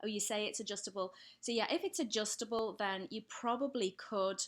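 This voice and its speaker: A woman with an English accent hosts a live stream from home and talks through viewer questions one by one. Her pitch sits in a middle range, and her delivery is loose and friendly, with plenty of fillers. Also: a little fast. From England. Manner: chatty, reads out viewer comments and answers them. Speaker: pet channel host. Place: home, lit by daylight.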